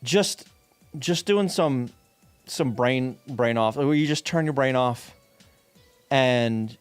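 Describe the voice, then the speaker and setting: A man's voice: medium pitch, takes it slowly, dry recording, faint music behind. A man streaming while he codes, chatting loosely with viewers, full of fillers and casual swearing. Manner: rambling, many fillers, swears casually, reads chat aloud. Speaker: streamer coding a game. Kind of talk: casual live-stream chat while coding.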